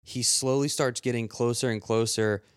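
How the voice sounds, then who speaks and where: A man's voice: steady tone, moderate pace, clear, resonant tone, no echo, clean studio sound. Rambling, swearing man telling stories. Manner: rambling storyteller, swears often, jumps up in pitch when quoting. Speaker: podcast co-host. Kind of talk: casual chat.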